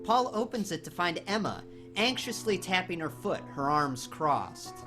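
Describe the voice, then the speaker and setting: An audio drama narrator, reading descriptive scene narration in a measured way. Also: medium pitch, very animated. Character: storyteller narrating events. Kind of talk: scripted narration. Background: music.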